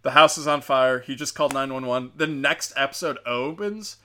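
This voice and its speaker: A man's voice: mid-range voice, normal speed, sharp tone. A man hosting a podcast, telling a show's story in a rambling, profane, joking way. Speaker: podcast host. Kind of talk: casual rambling show recap.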